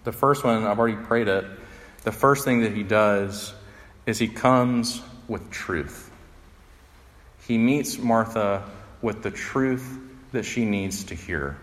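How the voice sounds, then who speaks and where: Earnest pastor in a reverberant hall. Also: male voice, on the low side, takes it slowly, fairly bright tone. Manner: earnest, conversational, voice rising when acting out quotes. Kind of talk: sermon.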